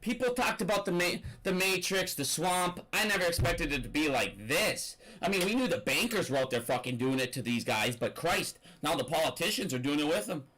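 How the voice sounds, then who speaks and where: A man's voice: on the high side, lively intonation, a little fast, few pauses, bright, forceful tone, low-quality recording. A young man giving an angry, profane, rambling rant about finance. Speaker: finance commentator. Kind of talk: ranting commentary.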